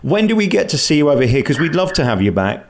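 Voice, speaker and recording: A man's voice: on the high side, sing-song, fast. A male radio host asking eager, leading questions in an interview.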